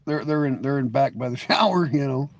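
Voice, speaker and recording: Speaking briskly at medium pitch, a middle-aged live stream host talks casually with his viewers. His chat is rambling and jokey, full of restarts and "you know."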